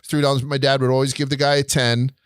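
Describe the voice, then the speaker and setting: A young adult man hosting a casual chat, telling stories in an animated way and swearing often. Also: mid-range voice, quick pace, clean tone, no echo, clean studio sound. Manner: animated storytelling with frequent swearing. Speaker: host.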